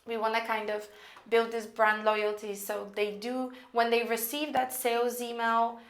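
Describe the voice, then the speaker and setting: A woman teaching copywriting in a casual, chatty way, thinking out loud with lots of fillers as she walks through an email draft. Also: fairly high pitch, little pitch movement, measured pace, reverberant. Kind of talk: casual screen-recorded lesson.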